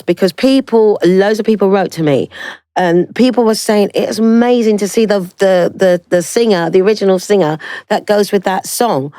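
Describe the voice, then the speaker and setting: A woman in her sixties with a London accent, a guest singer telling her story in a lively, animated way and acting out other people's voices. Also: mid-range voice, normal speed, dry recording, clean studio sound. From South London, England. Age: 60s. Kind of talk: casual interview chat.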